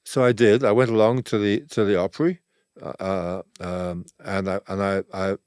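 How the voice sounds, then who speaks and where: An older man, a photographer guesting on an interview, telling stories in a relaxed, rambling way and acting out the dialogue he quotes. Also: fairly low pitch, moderate pace, smooth, dry recording, studio quality. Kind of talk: relaxed anecdotal storytelling.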